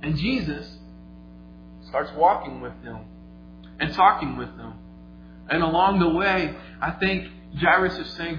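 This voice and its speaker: A preacher with a bright, ringing voice retells a story, swinging from hushed to emphatic lines. His voice sits a little high for a man. The sanctuary adds a long echo, the sound is slightly dull, and faint music plays underneath. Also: measured pace, long pauses. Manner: vivid retelling with shifts between quiet and emphatic. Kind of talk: sermon storytelling.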